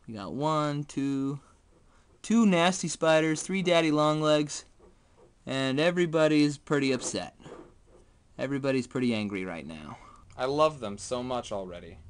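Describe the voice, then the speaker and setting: A man chatting excitedly in a casual home vlog, sometimes hushed and whispering, sometimes jumpy and startled. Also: medium pitch, a little hiss or hum. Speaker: vlogger.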